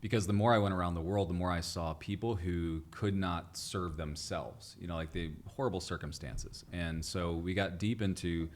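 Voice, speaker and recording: A man's voice: low voice, moderate pace, hardly any pauses. A man guest in an interview, telling stories with energy and acting out the people he quotes. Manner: animated storyteller, acts out quoted people. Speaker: guest entrepreneur. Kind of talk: storytelling interview chat.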